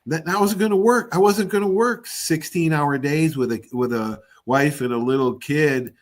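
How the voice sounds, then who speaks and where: A man's voice: a little high, normal speed. A man from Alabama hosting a casual interview and answering with short agreeing replies. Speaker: interview host. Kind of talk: casual chat.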